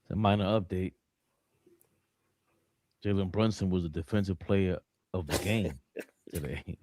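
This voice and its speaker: Low-voiced man, dry joking host. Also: measured pace, noisy background. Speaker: podcast host. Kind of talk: casual sports reaction chat.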